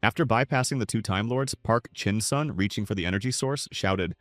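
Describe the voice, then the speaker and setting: A man narrating a comic recap in a steady, dramatic storytelling manner. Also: lowish voice, brisk, no echo, studio quality.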